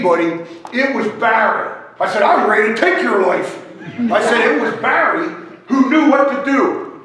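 A man telling a joking, animated story as a sermon at a church service. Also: very high-pitched, a little slow, a little hiss or hum. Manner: animated, joking storyteller who wanders while talking. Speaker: guest speaker at a church service. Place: church sanctuary. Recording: echoey church hall.

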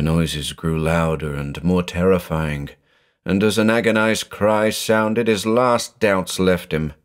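A man reading a horror story aloud in a dramatic, measured narration. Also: sits low, steady tone, clean tone.

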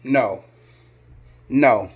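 A man's voice: mid-range voice, very slow. A man ranting angrily as a sports fan vlogger, exasperated and repeating his insults. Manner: angry, exasperated, repetitive insults. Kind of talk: ranting vlog.

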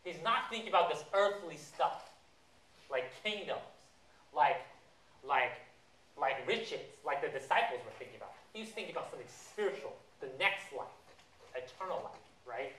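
Bright-voiced man preaching in an echoey church. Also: on the high side, lively intonation, normal speed, pauses often, far from the mic. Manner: conversational, storytelling with asides and quoted voices. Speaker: pastor. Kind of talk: sermon. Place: church hall.

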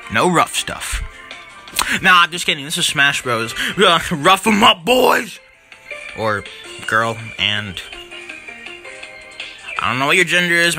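A man's voice: a little high, sharp tone. A man hosting a playful plush battle show in a teasing, jokey announcer manner.

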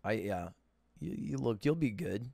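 A man's voice: mid-range voice, animated, measured pace, vocal fry, darkish tone, no echo. A man chatting casually with the streamer, teasing him in a dry way. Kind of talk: casual chat.

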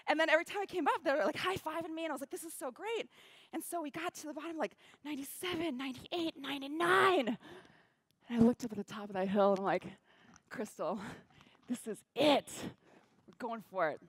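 A woman giving a keynote talk on stage, telling a story in an animated way, acting out quotes and laughing often. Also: sits high, very fast, husky, no echo. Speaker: keynote speaker. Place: event stage.

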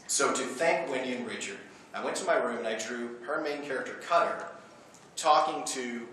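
A man with a bright, forceful voice tells animated stories at a convention panel, laughing often. He sits away from the mic, and the big room rings with echo. A faint hum runs underneath. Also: medium pitch, moderate pace. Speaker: comic artist and voice actor. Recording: echoey hall from far off.

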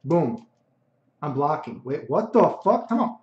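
A man's voice: a little high, very animated, measured pace, a little mellow. A man streaming a fighting game, commentating in a brash, boastful, profane way. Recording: echoey room, dull lo-fi mic.

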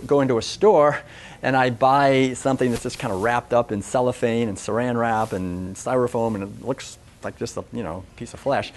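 A man giving an animated, conversational public talk at a festival, often acting out voices. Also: mid-range voice, slight background noise. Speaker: speaker.

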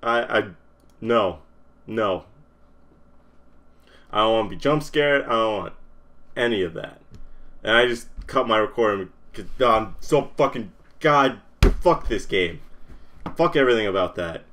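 A man's voice: fairly low pitch, lively intonation, a little slow, pauses often, a bit bright. A nervous young man commentating a horror game, stammering, swearing and shaking with fear. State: shaking with nerves. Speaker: gamer.

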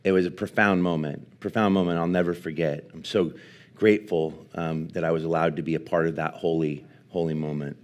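A man preaching at a live church service, telling a personal story in an earnest, halting way with many restarts. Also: low-pitched, flat delivery. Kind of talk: sermon storytelling.

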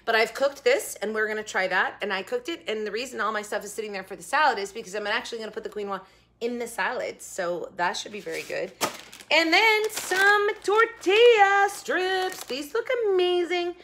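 A woman's voice: medium pitch, fast, sharp tone, slight background noise. A young woman chatting casually in her home kitchen as she reviews food, rambling with giggly asides. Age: young adult. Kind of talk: casual chat.

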